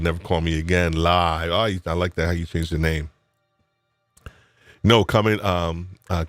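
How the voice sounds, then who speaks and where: A man's voice: low voice, dry recording. A man from New York hosting a live podcast chat, teasing his guests in playful banter and musing with many fillers and restarts. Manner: reflective, uses fillers and restarts. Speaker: podcast host.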